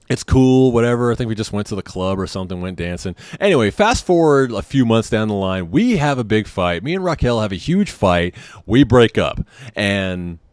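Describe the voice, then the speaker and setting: A man's voice: fairly low pitch, clean tone, dry recording, clean studio sound. A man in his thirties from San Diego telling a rambling personal story with many fillers and asides. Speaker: vlogger. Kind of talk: casual storytelling.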